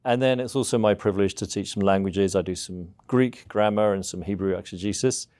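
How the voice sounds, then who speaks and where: A man from southeast England with an English accent, a seminary professor answering interview questions in a measured, explanatory way. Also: fairly low pitch, mellow. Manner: measured, explanatory, frequent "uh" fillers.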